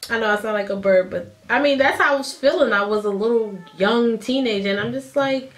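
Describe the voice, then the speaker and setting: A woman's voice: a little high, moderate pace, few pauses. Chatty woman telling a storytime. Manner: animated, chatty, acts out quotes. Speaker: vlogger. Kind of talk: casual storytime.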